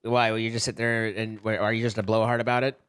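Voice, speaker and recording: A man's voice: lowish voice, little pitch movement, fast talker, a bit bright, clear, resonant tone. A man with an American accent chatting casually on a live stream, rambling and restarting sentences while joking with his chat.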